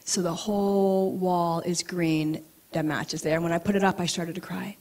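A woman's voice: fairly low pitch, normal speed. A woman acupuncturist giving a personal storytelling talk at an event, laughing and acting out the people in her stories. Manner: animated, laughing storyteller who acts out quotes. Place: event venue.

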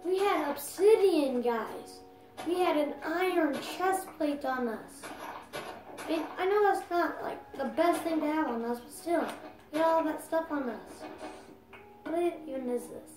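Female game streamer, high and unhurried, roomy off-mic sound with music under it. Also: distant mic. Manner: talks to viewers while playing, exclaims loudly at setbacks. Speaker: gaming video creator. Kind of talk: casual gameplay commentary.

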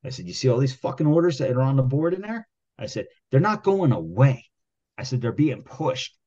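A man co-hosting a podcast who tells a rambling work story full of swearing, getting worked up and loudly acting out his own arguments. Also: medium pitch, very animated, fairly quick. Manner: heated, rambling, swears constantly, acts out quoted arguments loudly. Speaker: podcast co-host. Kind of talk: casual profane storytelling. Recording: dull lo-fi sound.

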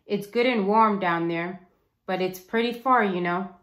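A woman voicing a calm, friendly boy in a storybook read aloud. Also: medium pitch, measured pace, roomy sound, close to an everyday voice. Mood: easygoing.

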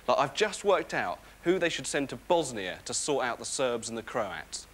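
A man's voice: mid-range voice, sing-song, moderate pace, a bit bright. An actor playing a neurotic, sleepless young man, who rambles in a wry, self-mocking way. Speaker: sitcom lead. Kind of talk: comic monologue and dialogue. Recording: noisy TV broadcast recording.

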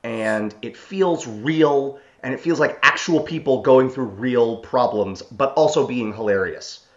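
A young man co-hosting a podcast, speaking haltingly with fillers and repeated starts. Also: medium pitch, highs cut off. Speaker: podcast co-host. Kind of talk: casual chat.

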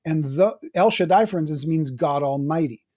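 A man's voice: fairly high pitch, moderate pace, dark tone. An older man, a teaching pastor, explaining the Bible in a chatty, self-deprecating way with frequent restarts.

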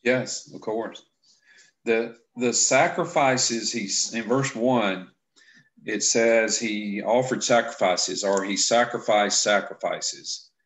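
A man with a fairly low voice walks through scripture verses in an easygoing teaching chat. He explains step by step and often restarts his sentences as he thinks aloud. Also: a bit bright. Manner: explanatory, halting with frequent restarts. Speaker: Bible class instructor. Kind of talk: casual scripture teaching discussion.

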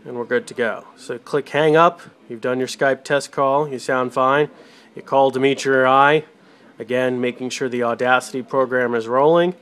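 A man's voice: medium pitch, fairly even intonation, normal speed, a bit bright, clear, resonant tone. Man giving step-by-step computer setup instructions. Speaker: tutorial presenter for a radio show. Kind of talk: casual screen-recorded tech tutorial. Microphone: desktop USB microphone, moving toward and away from it.

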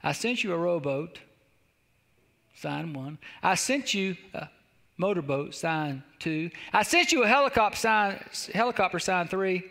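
A preacher voicing God, low and reproachful. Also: male voice, lively intonation, a little slow, creaky, sharp tone, full character voice. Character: the Lord, patient and reproachful male deity. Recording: long hall reverb.

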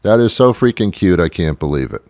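Comic host, low voice, lively sarcastic delivery, dry close mic. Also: male voice, a little fast, no echo. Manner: exasperated, sarcastic, mimics voices. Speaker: comedy show host. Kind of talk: comic rant monologue.

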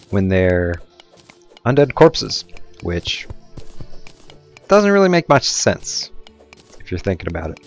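A young man talks through his gameplay in a relaxed, rambling way. His voice sits deep and low, and he drifts into goofy, self-mocking asides. Faint music plays softly behind him. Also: slow pace, pauses often. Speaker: let's play gamer. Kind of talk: casual gameplay commentary.

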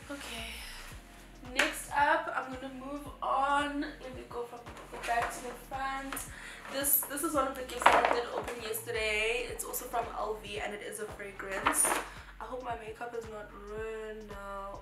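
A woman's voice: a little high, steady tone, moderate pace. Gushing young woman vlogging. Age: 20s. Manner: gushing and effusive, chatty fillers. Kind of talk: casual unboxing chat. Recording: echoey room with background music.

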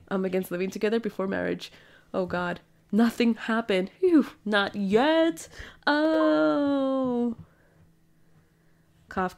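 Female let's-player, bright and high, chatty and giggly, reads game dialogue aloud. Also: gravelly. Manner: playful, giggly, reads character lines in her own voice. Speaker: gaming streamer. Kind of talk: casual let's-play commentary, reading game dialogue aloud.

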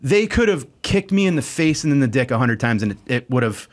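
Male comic guest, mid-pitched voice, self-mocking storyteller. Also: sing-song, a little fast. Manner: self-deprecating anecdotes. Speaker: comedian guest. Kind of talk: comedic storytelling chat.

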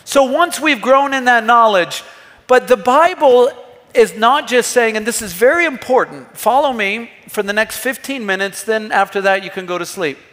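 High-voiced preaching man in a reverberant hall. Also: expressive, moderate pace, a bit bright. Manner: earnest, emphatic preaching with rhetorical questions. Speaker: pastor. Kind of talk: sermon. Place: church hall.

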